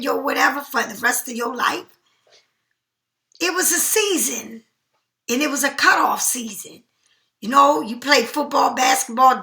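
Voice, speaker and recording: Chatty high-voiced tarot reader woman. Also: roomy sound. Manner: chatty, animated, slangy. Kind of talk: casual tarot reading.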